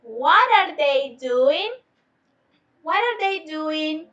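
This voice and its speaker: A high, bright-voiced woman leads an online English lesson at a slow, patient pace. She repeats her questions for her students. She sits a little away from the mic. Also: expressive, far from the mic, highs cut off. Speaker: English teacher. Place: home, on a video lesson.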